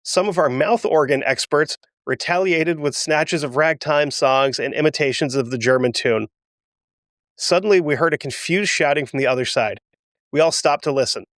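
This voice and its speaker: A man's voice: fairly high pitch, normal speed, fairly bright tone, no room sound, studio quality. A man hosting a history podcast, reading aloud a first-hand wartime account and breaking off for emotional, self-deprecating asides. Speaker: podcast host.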